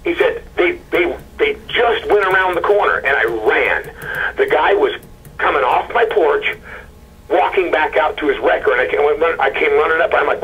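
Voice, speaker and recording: A man recounting a painful personal story in a halting, stammering way, acting out the people he quotes. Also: fairly high pitch, animated, breathy edge, dull audio. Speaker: husband of a missing woman, interview guest. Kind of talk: emotional personal account.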